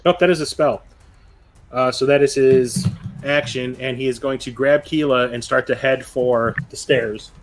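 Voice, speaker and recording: A man narrating as game master of a tabletop game, laid-back and quick to laugh. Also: mid-range voice, steady tone.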